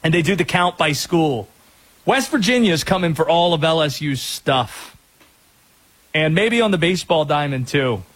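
A man's voice: on the high side, expressive. A man hosting a call-in sports radio show, upbeat and joking with callers. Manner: upbeat, joking, quick asides.

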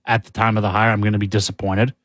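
A man's voice: fairly low pitch, level tone, racing, a bit bright, no room sound, clean studio sound. A man co-hosting a casual sports chat, rambling and upbeat. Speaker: co-host.

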